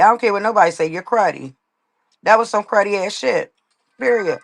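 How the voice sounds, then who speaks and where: On a livestream, a woman rants casually, blunt and profane, repeating her points for emphasis. She speaks at medium pitch and normal speed with vocal fry, recorded dry through a laptop mic.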